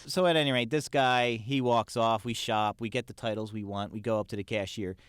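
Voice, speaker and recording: A man telling a casual story on a podcast, with lively acted-out quotes. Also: fairly low pitch, brisk, clean tone, dry recording, clean studio sound. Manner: animated anecdote with acted quotes. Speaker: podcast guest.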